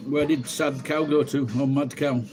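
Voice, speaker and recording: A man's voice: mid-range voice, little pitch movement, moderate pace, darkish tone, rough recording. A man vlogging, rambling and musing aloud in casual chat while he eats. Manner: rambling, chatty, muses aloud. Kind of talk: casual chat while eating, talking to viewers. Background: music.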